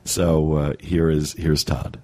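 A man hosting a podcast, speaking in a halting way full of fillers and restarts. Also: extremely low pitch, flat delivery, warm tone, faint music behind. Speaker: podcast host. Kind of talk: casual podcast talk.

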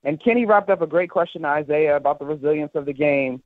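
A woman basketball broadcaster calling in as a guest, telling stories with lively enthusiasm. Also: sits low, fast, dry recording. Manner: animated, enthusiastic storyteller. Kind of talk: casual sports talk on a call. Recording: tinny phone line.

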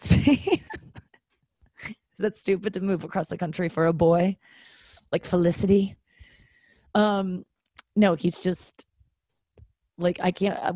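A woman's voice: on the low side, darkish tone, no room sound. A woman hosting a podcast, talking in a casual confessional way, rambling with many fillers and restarts, candid and self-mocking. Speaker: podcast host.

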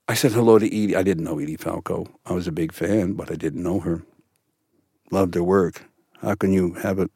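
An older man, an actor guest in a studio podcast interview, telling stories in an animated way with many restarts. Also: low voice, no room sound. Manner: animated storyteller, frequent restarts.

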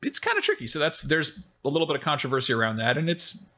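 A man with a bright, somewhat high voice hosts a casual podcast chat. He rambles and jokes loosely, circling back through his thoughts. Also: huge pitch swings, fast. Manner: rambling, jokey. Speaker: substitute podcast host.

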